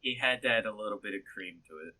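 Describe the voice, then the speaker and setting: A man's voice: lowish voice, fast, crowd noise, poor audio. A young man co-hosting a casual podcast chat, making dry jokes at his friend. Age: young adult. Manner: dry joking. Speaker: podcast co-host.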